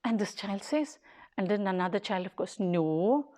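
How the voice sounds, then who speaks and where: A woman's voice: medium pitch, fairly quick, darkish tone. A woman who leads a daycare, giving an earnest public talk in short, emphatic, repeated phrases. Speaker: daycare leader.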